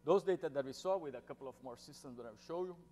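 A man's voice: a little high, fast, dark tone. A man with a Brazilian Portuguese accent giving an academic seminar talk, speaking informally with jokes, many fillers and restarts.

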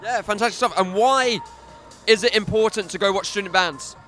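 Upbeat young man, high bright voice. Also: faint music behind. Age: young adult. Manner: upbeat, joking, quick banter. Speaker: student TV presenter. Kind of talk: roving interviewer. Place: outdoor festival.

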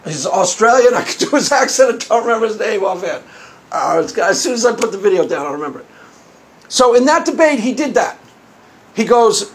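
Male online commentator, very high voice, blunt, combative. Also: sing-song, fairly quick. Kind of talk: opinion commentary.

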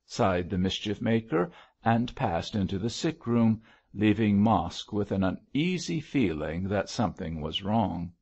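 A man narrating an audiobook in a steady storytelling read. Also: on the low side, a little slow, lo-fi sound. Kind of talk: scripted narration.

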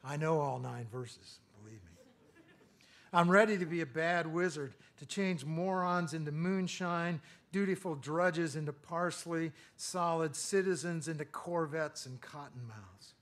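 A middle-aged man giving a lecture, reading his own poems in a measured rhythm and breaking off for hesitant asides full of fillers. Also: on the high side, a bit bright. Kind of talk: poetry reading with spoken asides.

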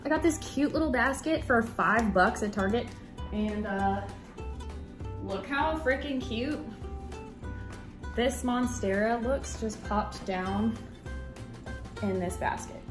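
A woman's voice: fairly high pitch, takes it slowly, long pauses, over music. A young American woman in her twenties chatting casually at home as she gardens, bubbly, hyper and rambling. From United States. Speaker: vlogger. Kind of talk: casual chat while gardening. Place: at home, indoors and in the yard.

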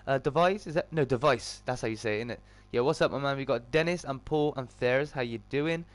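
A man streams a game live and calls out to his viewers one by one, his voice jumping up in pitch as he gets excited. His voice sits in an ordinary middle register and is recorded dry and close, with no room sound. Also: fast, no room sound. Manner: loud, excitable greetings with sudden pitch jumps. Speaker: gaming streamer.

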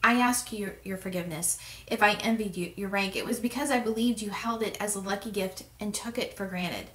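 A woman's voice: medium pitch, brisk, a bit bright, lightly acted. A woman voicing an earnest, solemn young male hero, in a roomy, distant recording. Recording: roomy echo, distant mic.

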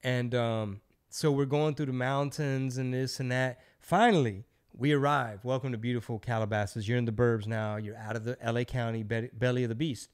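A middle-aged man hosting a podcast and spinning a long anecdote. He talks in a loose, profane style and throws himself into the voices of the people in his story. His pitch sits at an ordinary middle range for a man. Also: normal speed, few pauses, smooth. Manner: loose, profane, animated storyteller who acts out quotes. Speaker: podcast host. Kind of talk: casual storytelling.

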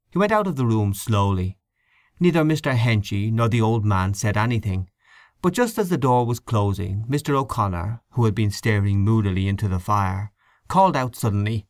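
A man narrating a short story as an audiobook reader, measured and expressive. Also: lowish voice, dry recording, studio quality. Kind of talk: scripted narration.

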